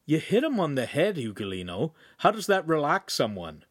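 A man's voice: fairly high pitch, wildly swooping pitch, moderate pace, breathy edge, no room sound, studio quality, pitched above the performer's own voice, exaggerated voice. Guy doing a chill loyal teen boy, reassuring. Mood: calm. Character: calm loyal teenage boy.

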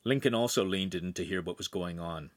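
This audiobook narrator moves fairly quickly through a scripted young adult novel, captured with clean studio sound and no room sound. He brings the story to life by giving each character a raised voice.

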